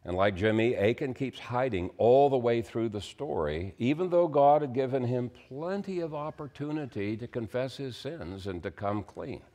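A pastor preaching a sermon in a measured, earnest manner, with frequent pauses. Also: male voice, mid-range voice, animated, warm tone.

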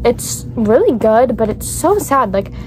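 A young woman chatting casually to camera in a vlog, bubbly and excitable, full of "like" fillers. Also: on the high side, unhurried, background noise. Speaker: vlogger.

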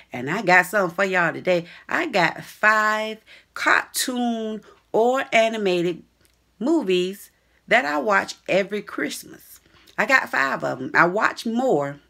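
A woman's voice: medium pitch, gravelly. A woman vlogger talks straight to her viewers in a loose, slangy chat. Her voice swoops up and down as she goes, and she laughs easily between thoughts. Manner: animated and laughing, chatty slang. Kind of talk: casual chat to camera.

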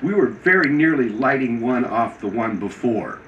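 A man, an actor, telling a lively anecdote in casual conversation and acting out the voices of the people in it. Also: medium pitch, normal speed, muffled recording. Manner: animated, acts out voices in his anecdotes. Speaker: guest actor. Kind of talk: casual storytelling. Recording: echoey room, mic at a distance, faint ambient noise.

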